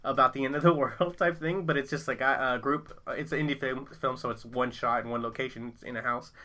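A man's voice: mid-range voice, fairly even intonation, quick pace, pushed and bright. A man hosting a casual chat, rambling and loose, laughing often and swearing casually.

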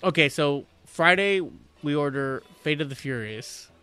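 A man in casual conversation, telling a rambling, animated story with many restarts. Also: fairly high pitch, measured pace, clear, resonant tone, faint music behind. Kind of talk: casual chat.

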